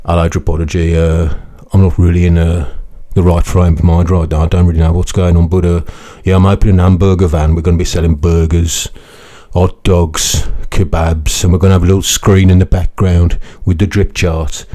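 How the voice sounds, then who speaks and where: A dazed crypto promoter, as a man puts him on, with a low, mellow voice. He rambles his sales pitch quickly. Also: level tone, close to an everyday voice. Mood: dazed hype. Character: dazed male burger-van crypto promoter.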